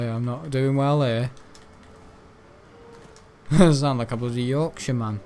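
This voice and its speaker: A man casually commenting on his gameplay, going from muttered asides to sudden excited shouts and laughs. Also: unhurried, long pauses, a little hiss or hum. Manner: excitable, bursts into high shouts and laughs at the game.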